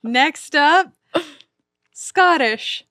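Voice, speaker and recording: A woman speaks slowly and calmly from the podcast booth, keeping her lines short and dry. Her voice sits a little high. The sound is close, with no echo. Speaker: podcast producer on keys. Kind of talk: casual chat.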